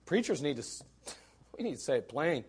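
A man preaching with a bright, high voice that leaps up and down as he drives home his points. He talks bluntly and emphatically. He keeps firing rhetorical questions at his listeners. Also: very animated, brisk, slightly rough. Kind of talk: sermon.

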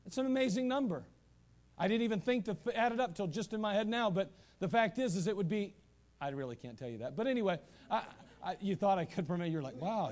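A male pastor preaching a sermon in a church, animated, with asides and repeated phrases. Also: high voice. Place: church sanctuary.

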